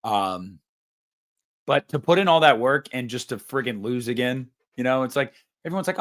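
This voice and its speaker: A man's voice: mid-range voice, expressive, moderate pace, fairly bright tone. A man hosting a casual show, ranting jokingly about losing a contest in a mock-indignant, competitive way. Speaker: podcast host. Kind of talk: casual chat.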